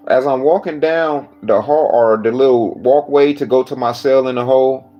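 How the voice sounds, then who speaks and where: A man's voice: medium pitch, muffled recording. A man casually recounting a jail story, blunt and swearing constantly, with faint music behind.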